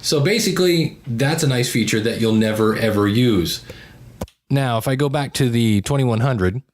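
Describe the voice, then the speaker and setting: Man, podcast host, casual gear demo, wry, upbeat, mid pitch, dry sound. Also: moderate pace, no echo.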